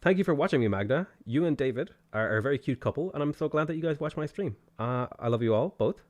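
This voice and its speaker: A man's voice: medium pitch, animated, fast, a little mellow. Chatty Irish man streaming a game. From Ireland. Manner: chatty, reads viewer messages aloud and answers them. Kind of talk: casual gaming stream chat.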